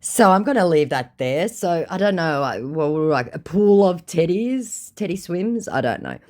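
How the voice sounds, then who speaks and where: An Australian woman vlogger recounts chats in a casual, blunt way. Her sarcastic voice sits fairly low, yet her intonation swings animatedly. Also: lively intonation, normal speed, a little mellow. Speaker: scam-baiting vlogger.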